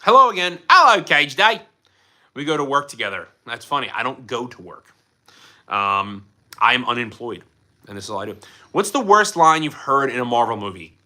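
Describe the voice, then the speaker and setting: Man, from Philadelphia, livestream host, casual chat, very bright voice, animated pitch. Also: brisk. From Philadelphia, USA. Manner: chatty, enthusiastic, jumps between topics. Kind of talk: casual live chat answering viewers.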